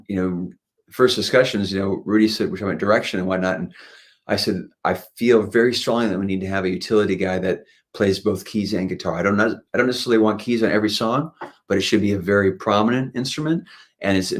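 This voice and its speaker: A man, a guest musician, telling stories in a casual interview, rambling with frequent restarts and fillers. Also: lowish voice. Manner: lively when retelling anecdotes. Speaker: guest musician, singer and guitarist.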